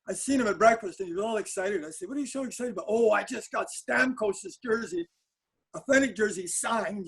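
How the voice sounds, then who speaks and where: A man telling animated anecdotes on a webinar chat, with frequent restarts and laughs. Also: high-pitched, breathy edge, low-quality recording. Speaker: sport psychologist guest.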